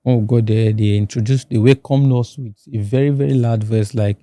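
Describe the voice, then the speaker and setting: A Nigerian-accented man telling his own story in a halting, restarting way. His voice is very mellow and dark, at a middle pitch. The recording is dry and close, as in a podcast studio. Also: steady tone, no echo. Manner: halting, restarts and repeats words. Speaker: guest. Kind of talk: personal testimony in a podcast interview.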